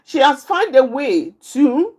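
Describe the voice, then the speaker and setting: Woman speaker, unhurried and deliberate, repeats each point for emphasis while teaching a live group. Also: high-pitched, big pitch swings, darkish tone. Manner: repeats key phrases, slow and emphatic, points out positions with her hands. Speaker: outreach speaker teaching anger management.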